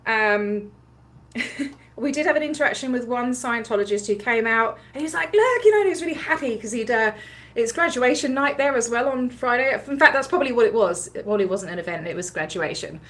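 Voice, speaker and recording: A woman with a somewhat high voice tells a story to her livestream audience in a loose, chatty way. She is animated and laughs often, scattering ums and likes through her speech. She slips into other people's voices as she quotes them. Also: fairly quick. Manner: acts out other people's lines while retelling. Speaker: livestream host recounting a protest. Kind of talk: casual storytelling.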